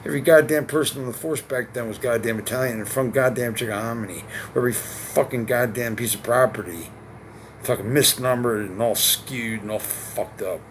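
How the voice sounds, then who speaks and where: Speaking a little fast in a mid-range voice, a forty-something vlogger from Connecticut delivers a long solo monologue to camera. He swears, circles back over the same points and throws out rhetorical questions, with slight background noise behind him.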